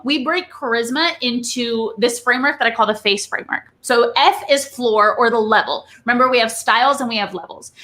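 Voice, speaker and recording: A woman guest in an interview, explaining a charisma framework in an animated coaching manner with frequent "right?" check-ins. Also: fairly high pitch. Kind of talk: conversational interview.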